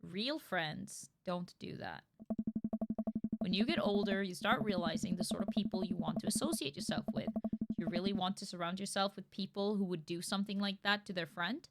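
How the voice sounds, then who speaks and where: A woman voicing a kind single father in a dating game, speaking lower, calm and earnest. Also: normal speed, music in the background, natural voice. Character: kind, warm-hearted single dad giving advice.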